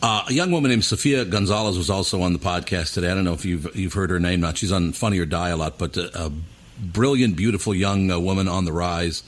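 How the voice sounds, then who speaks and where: A man's voice: low voice, quick pace. A middle-aged man hosting a podcast, chatting casually with rambling asides and friendly teasing. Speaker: podcast host. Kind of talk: casual interview chat.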